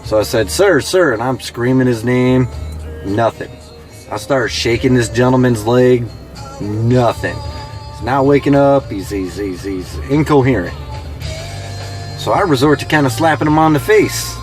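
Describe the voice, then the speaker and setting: A man's voice: mid-range voice, unhurried, soft background music. A man who drives for a ride share service, telling stories casually with lots of fillers and quoting his passengers. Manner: conversational, many fillers, mimics passengers in quoted lines. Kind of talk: casual storytelling. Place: in a car.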